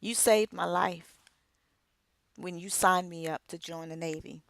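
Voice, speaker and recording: A middle-aged woman, an author and radio co-host, giving an inspirational speech with emphatic, measured phrasing and dramatic pauses. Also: lowish voice, fairly even intonation, gravelly, fairly bright tone, no echo.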